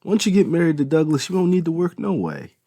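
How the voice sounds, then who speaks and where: A man's voice: on the high side, big pitch swings, quick pace, dark tone, dry recording, clean studio sound, pitched above the performer's own voice. A man reading an audiobook, voicing a blunt, profane, domineering middle-aged father. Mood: scornful.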